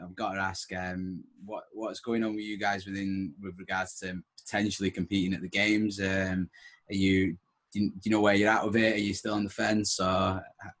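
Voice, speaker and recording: A man's voice: low-pitched, fairly bright tone. A man hosting a podcast, asking rambling questions in a casual chat and laughing easily. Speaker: podcast host.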